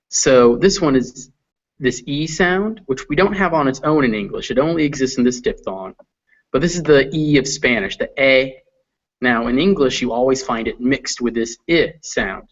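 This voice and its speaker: A man teaching a phonetics lesson, patiently sounding out vowels and example words. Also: medium pitch. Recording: dull lo-fi recording.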